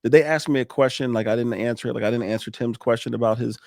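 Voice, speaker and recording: Animated man coaching in casual chat. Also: medium pitch, fast, gravelly, dry recording, clean studio sound. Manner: animated, coaching tone, laughs often, restarts sentences. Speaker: podcast guest, roofing business owner.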